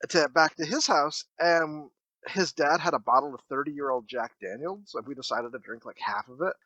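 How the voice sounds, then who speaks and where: Bright, high-pitched, swearing storyteller man. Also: normal speed, no echo, low-quality recording. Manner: profane, laughing anecdote teller. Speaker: podcast co-host. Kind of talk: casual chat.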